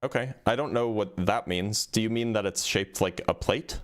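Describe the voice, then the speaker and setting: A man hosts a live debate stream in a loose, casual way, full of fillers and restarts. His voice sits a little low. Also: moderate pace. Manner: casual, hesitant, many fillers.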